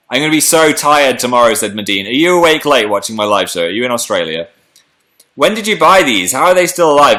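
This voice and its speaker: A man chatting casually on a livestream, reading viewers' comments aloud and hopping between topics with animated energy. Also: on the high side. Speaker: live streamer.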